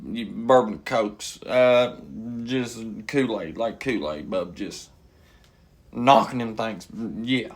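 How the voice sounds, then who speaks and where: A man, a comedian casually telling a funny story and acting out the people in it with sudden high yells. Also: slow pace. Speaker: stand-up comedian.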